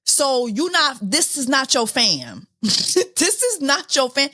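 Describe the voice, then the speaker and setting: Incredulous woman podcaster, lively pitch. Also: slow pace, no room sound. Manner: exasperated, incredulous, repeats herself, laughs often. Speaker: podcast host. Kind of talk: casual commentary.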